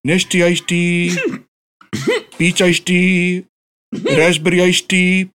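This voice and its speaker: A man's voice: sits high, monotone, slow pace, fairly bright tone, pitched above the performer's own voice. A man voicing a fussy male deli clerk who eagerly lists drinks and keeps pushing them. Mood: pushy, eager. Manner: eager, insistent, repetitive.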